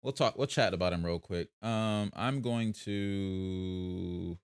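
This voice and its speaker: A young man from South Jersey, USA, takes it slow as he hosts a casual livestream, reading comments and chatting in his South Jersey accent. His low-pitched voice comes through clean and dry, with studio-quality sound.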